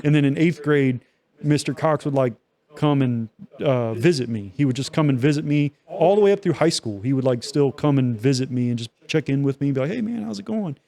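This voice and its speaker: A man's voice: mid-range voice, a little fast, warm tone. A young man co-hosting a podcast, telling a long story in loose, profane casual chat with many fillers. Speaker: podcast co-host.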